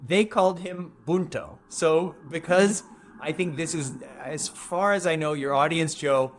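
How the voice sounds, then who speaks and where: A man's voice: a little high, unhurried, a little hiss or hum. A man, a historian and futurist, talking emphatically in a podcast interview and repeating phrases to drive his points home.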